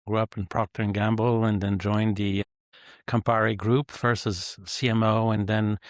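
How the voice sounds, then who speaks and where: A retired male executive guest on an interview podcast, talking in a measured, reflective way with frequent fillers. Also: fairly low pitch, little pitch movement, dry recording, studio quality. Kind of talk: conversational interview answers.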